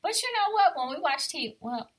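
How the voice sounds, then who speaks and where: A woman co-hosting a casual chat podcast, agreeable and quick to laugh. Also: very high voice, very animated. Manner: agreeable, laughs often, reads list items aloud. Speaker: podcast co-host.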